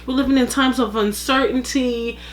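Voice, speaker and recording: A woman's voice: high-pitched, fairly even intonation, moderate pace, slight background noise, pitched above the performer's own voice, lightly acted. A woman putting on the voice of a sugary, fake-polite TV show boss who talks in hesitant corporate phrases. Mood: falsely sweet.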